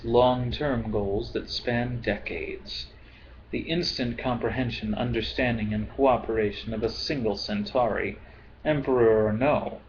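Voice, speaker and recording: A man reading a novel aloud in a slow, calm way, as an amateur audiobook reader. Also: mid-range voice, highs cut off, a little hiss or hum. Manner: slow, calm, apologetic about his accents.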